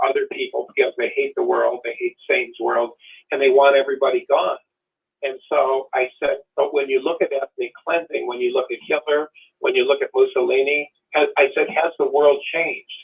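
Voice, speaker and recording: A man's voice: mid-range voice, gravelly, husky. An older man, a guest calling in, telling personal stories in a rambling, emotional way. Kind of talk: casual conversation. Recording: tinny phone line.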